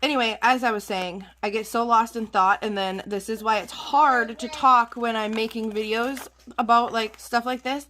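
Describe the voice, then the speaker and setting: A woman's voice: on the high side, fairly even intonation, normal speed, bright, forceful tone, a little hiss or hum. A woman rambling in a chatty, self-deprecating way as she talks through her journal crafting at home. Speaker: craft channel host. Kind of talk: casual chat while journaling.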